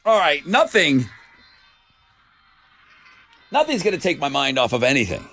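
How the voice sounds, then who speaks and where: A man's voice: on the high side, sing-song, unhurried, gravelly, pushed and bright, faint music behind. A man hosting a morning radio show, joking with co-hosts in a studio and doing live ad reads.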